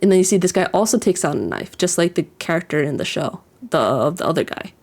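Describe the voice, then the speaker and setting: Expressive and fast, her lowish voice carries a darkish tone as she reacts casually to an anime episode. She rambles along with many "likes" and restarts, chuckling as she recounts scenes.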